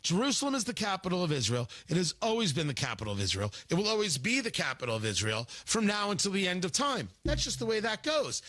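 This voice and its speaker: A male radio talk show host giving political commentary, animated and sarcastic, acting out mocking voices. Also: high-pitched, fast, hardly any pauses, dry recording.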